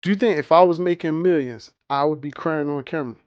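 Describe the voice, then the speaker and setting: Brief: male reaction host, mocking and scornful, smooth voice, slightly high. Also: fast talker, darkish tone, no room sound, muffled recording. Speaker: reaction commentator. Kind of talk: reaction commentary.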